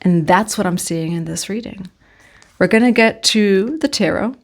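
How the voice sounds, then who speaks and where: A woman's voice: mid-range voice, moderate pace. A woman giving a casual, affirming tarot reading, talking straight to the viewer and now and then singing a line of a song. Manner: chatty, affirming, sings snatches of songs. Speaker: tarot reader.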